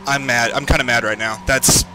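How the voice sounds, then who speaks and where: A man's voice: mid-range voice, fairly even intonation, brisk. Frustrated man ranting while sim racing. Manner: frustrated, swearing, yelling at other drivers. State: heart racing, worked up. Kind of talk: live racing commentary. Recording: game music underneath. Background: game music and engine noise.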